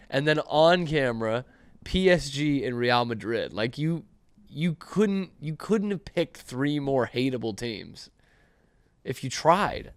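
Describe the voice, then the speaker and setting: Animated man hosting a sports podcast. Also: on the high side, smooth, dry recording. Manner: sarcastic, quick to tease. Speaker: podcast host. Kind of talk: casual sports chat.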